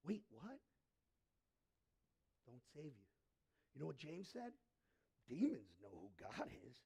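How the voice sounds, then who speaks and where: A man preaching a sermon in a husky, fairly high voice. He swings between loud, emphatic preaching and quiet, hushed asides. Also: wildly swooping pitch, slow pace. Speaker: pastor.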